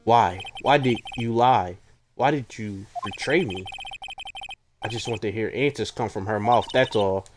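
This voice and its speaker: A man's voice: on the low side, a little slow, natural voice. A man voicing a brooding young male convict who talks in clipped, broken English, over game music.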